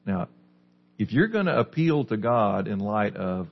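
Male pastor, sermon, husky gravelly voice, questioning the listeners, dull lo-fi recording. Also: fairly low pitch, big pitch swings, unhurried. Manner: asks the listeners questions, then answers them.

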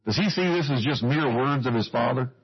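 A man's voice: mid-range voice, brisk, husky. A male preacher giving a sermon, teaching earnestly and putting questions to his listeners, on a dull lo-fi recording.

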